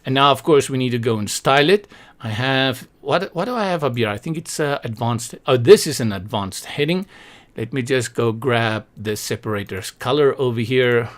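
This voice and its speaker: A man's voice: medium pitch, lively intonation, moderate pace. A man hosting a web design tutorial, talking casually over a screen recording with joking asides and a self-deprecating manner.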